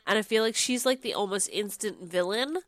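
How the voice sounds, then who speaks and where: A woman in her thirties co-hosting a podcast, chatting casually and pausing often with fillers. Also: medium pitch, fairly bright tone, dry recording. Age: 30s. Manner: conversational, hesitant with "um" and "like". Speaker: podcast co-host. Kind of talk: casual chat reviewing a dating show.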